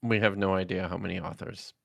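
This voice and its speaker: A man's voice: low-pitched, flat delivery, fast, vocal fry, no room sound. A man appearing as a guest, talking thoughtfully in a casual discussion. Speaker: guest scholar.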